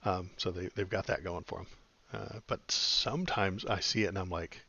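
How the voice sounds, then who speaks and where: A man's voice: sits low, normal speed, gravelly, pushed and bright, husky, no echo, lo-fi sound. A man hosting a podcast in casual chat, rambling and wry with lots of fillers. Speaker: podcast host.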